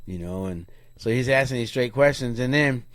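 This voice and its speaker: A man with a mid-range voice tells a story casually, slangy and animated, slipping into other people's voices as he quotes them. The sound is dry and close. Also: mid-range voice, normal speed, no echo. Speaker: podcast co-host.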